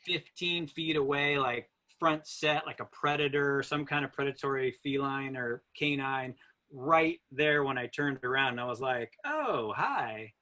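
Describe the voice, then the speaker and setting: A man in an interview telling a story in an animated way, acting out his own thoughts as he goes. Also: mid-range voice, moderate pace. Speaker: guest runner.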